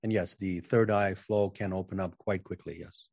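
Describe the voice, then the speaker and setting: A man's voice: low-pitched, fairly even intonation, normal speed, creaky, darkish tone, no echo. A man talking as a guest in a casual interview, self-assured and emphatic, often repeating words as he starts a sentence. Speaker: podcast guest, channeling coach.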